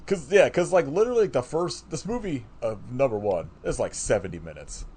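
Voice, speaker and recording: A man's voice: medium pitch, animated, fairly quick, a little mellow, husky. A man co-hosting a podcast, chatting casually about a movie in a rambling way, full of "like" fillers and restarts. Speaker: podcast co-host. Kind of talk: casual chat reviewing a movie.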